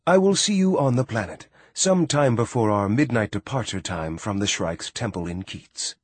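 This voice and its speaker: A man's voice: fairly low pitch, animated, normal speed, breathy edge, no echo. A man voicing a reserved, polite male ship captain in an audiobook reading. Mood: courteous.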